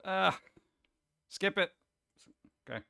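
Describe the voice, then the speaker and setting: Rambling joking man with a smooth voice. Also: high-pitched, lively intonation, takes it slowly, bright, forceful tone, no room sound, clean studio sound. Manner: rambling, joking, self-deprecating. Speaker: streamer host. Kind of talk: casual chat reading viewer comments.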